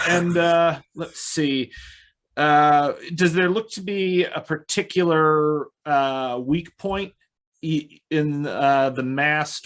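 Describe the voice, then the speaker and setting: Halting man player thinking aloud. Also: on the high side, fairly bright tone. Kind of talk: tabletop game play.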